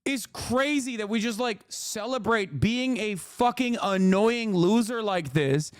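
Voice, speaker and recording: A man's voice: sits high, unhurried, no room sound, clean studio sound. A man streaming live, reacting to clips with heated, profane ranting. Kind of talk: casual livestream commentary.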